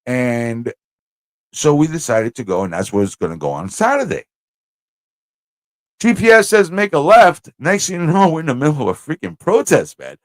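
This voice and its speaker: Animated male livestream host, dry sound. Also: a little high, normal speed, dry recording. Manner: animated, swearing, bursts into sung lines and put-on voices. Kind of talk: casual livestream storytelling.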